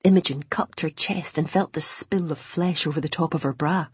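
A woman reads a novel aloud in a gentle, even storytelling manner. Her voice is low and very husky. The recording is close and dry. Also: moderate pace, few pauses, no room sound. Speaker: audiobook narrator. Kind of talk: scripted narration.

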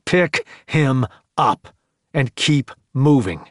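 A man voicing a gruff army sergeant who gives curt, commanding orders in an audiobook. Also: on the high side, moderate pace, no echo, clean studio sound, voice pushed up, close to an everyday voice.

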